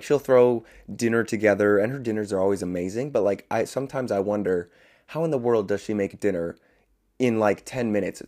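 A young man hosting a solo podcast, chatty and rambling, often laughing at himself and filling pauses with "uh.". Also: fairly low pitch, a little mellow. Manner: chatty, rambling, self-amused with frequent fillers. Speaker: podcast host. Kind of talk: casual solo podcast chat.

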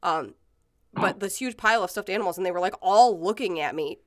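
A woman's voice: medium pitch, brisk, no room sound, studio quality. A woman in her thirties telling stories in casual chat, rambling with many fillers and swearing freely. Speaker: podcast co-host.

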